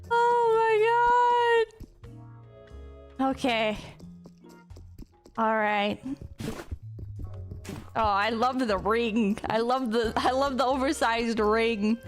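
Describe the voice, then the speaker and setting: High, slow-talking woman streamer, excitable and squealy, casual game chatter. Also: soft background music. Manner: excitable, bursts into squeals and laughter, chats with viewers. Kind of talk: casual gameplay commentary.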